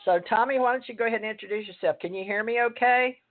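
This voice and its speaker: A woman hosting a talk radio show, rambling and halting with many fillers. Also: fairly high pitch, faint music behind. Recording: tinny phone line.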